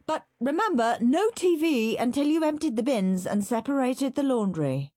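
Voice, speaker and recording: A woman's voice: high-pitched, lively intonation, normal speed, warm tone, no echo, studio quality. A woman voicing a strict, exasperated mother in a storybook reading, in a raised, scolding tone.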